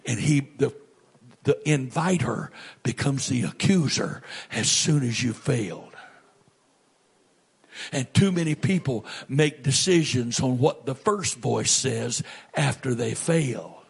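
A man preaching a sermon as a pastor, swinging between booming lines and hushed whispers. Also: takes it slowly, creaky, husky.

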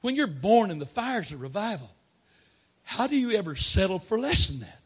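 A man preaching a sermon, swinging between loud emphatic declarations and quiet asides. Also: high voice, big pitch swings, normal speed, husky.

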